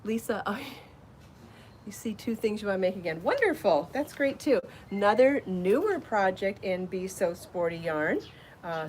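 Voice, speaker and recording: A woman hosting a live crafting show, chatty and enthusiastic, out of breath from rushing around and trying on garments. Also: on the low side, a little mellow, a little hiss or hum. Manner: chatty and enthusiastic, laughs at herself. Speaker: podcast host showing her yarn designs. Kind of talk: casual live show chat.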